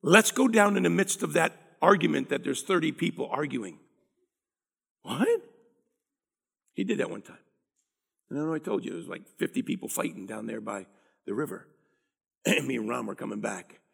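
A middle-aged man delivers a lively sermon, throwing questions out to the congregation for answers. His voice sits a little high for a man, with a gravelly rasp and a bright, forceful ring. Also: a little fast. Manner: animated preaching with audience call-and-response. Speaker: pastor.

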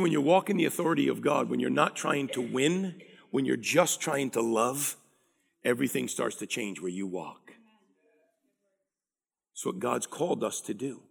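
A middle-aged man preaching a sermon, animated and drawing call-and-response from the congregation. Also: medium pitch, vocal fry, husky. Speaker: pastor.

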